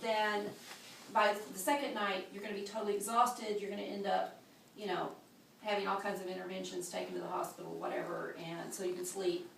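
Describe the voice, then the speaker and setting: A woman's voice: mid-range voice, sing-song, a little fast, gravelly, a bit bright, slight background noise. A woman teaching a childbirth class in a practical way, showing the moves as she explains them. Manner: practical, demonstrating with gestures. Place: classroom at a birth center. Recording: echoey room, mic far off.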